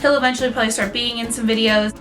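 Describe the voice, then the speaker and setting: A woman's voice: fairly high pitch, steady tone, racing, fairly bright tone, faint music behind. A young woman from central Pennsylvania chatting to camera in a bubbly, self-mocking way. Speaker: vlogger. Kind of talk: casual chat to camera.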